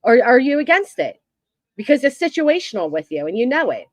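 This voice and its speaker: A woman's voice: a little high, big pitch swings, brisk, no echo. A woman commenting on a clip of an online argument in a reasoned, questioning way.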